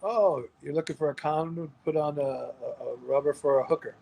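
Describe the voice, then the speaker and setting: A man's voice: on the high side, a little fast, creaky, warm tone, low-quality recording. A middle-aged man, a guest in a casual interview, guessing at unfamiliar slang in a puzzled, good-humored way. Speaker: interview guest, former wrestler.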